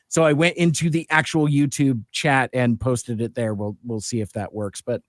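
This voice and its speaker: A man's voice: mid-range voice, steady tone, normal speed, few pauses, dry recording, clean studio sound. A man hosting a podcast live stream, talking in a loose, rambling way with lots of fillers. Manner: rambling, many fillers and restarts. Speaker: podcast host. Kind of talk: casual live-stream chat.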